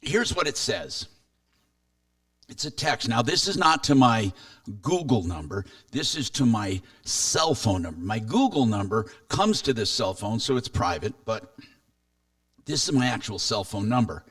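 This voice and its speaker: A man's voice: medium pitch, big pitch swings, unhurried, a bit bright, no echo, far from the mic. A man hosting a consumer talk radio show, chatting casually and reading listener texts aloud.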